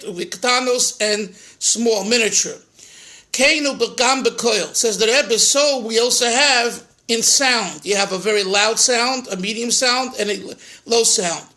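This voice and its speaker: A man's voice: very high voice, pushed and bright. A man, a rabbi, teaching a Torah class, translating phrases line by line with restarts and chuckles.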